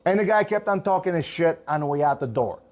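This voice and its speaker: A man's voice: on the high side, fast, highs cut off. Fiery, profane older-sounding restaurant owner man. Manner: animated, profane, fiery storytelling. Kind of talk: storytelling in casual chat.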